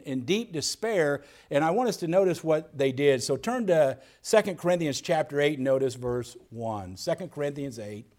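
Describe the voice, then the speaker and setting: A man's voice: fairly high pitch, darkish tone. A man preaching as a pastor, earnest, often repeating words and restarting as he goes. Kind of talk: sermon.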